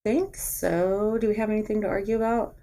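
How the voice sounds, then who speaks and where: A woman's voice: mid-range voice, steady tone, a little fast, crowd noise, low-quality recording. Woman co-host reading a book aloud. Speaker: podcast co-host.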